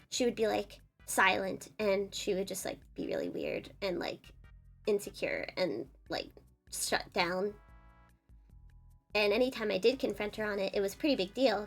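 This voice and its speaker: Woman streamer with vocal fry. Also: fairly high pitch. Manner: earnest, upset recounting of personal drama. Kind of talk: casual storytelling while drawing.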